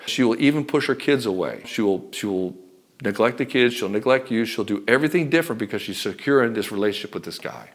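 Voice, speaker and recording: Blunt, forceful male relationship coach. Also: medium pitch. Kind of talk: direct-to-camera advice talk.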